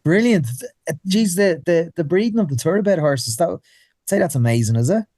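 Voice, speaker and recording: A man co-hosting a podcast, enthusiastic and quick to exclaim and laugh. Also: high voice, lively intonation, dark tone, no room sound. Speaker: podcast co-host. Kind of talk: casual podcast chat.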